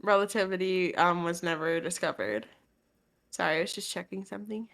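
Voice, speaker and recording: A woman's voice: on the low side, a little fast, gravelly, a bit bright. A woman chatting on a live charity stream over a video call, laughing often and self-conscious. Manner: giggly, self-conscious, trying a British accent. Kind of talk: casual group chat on a live stream.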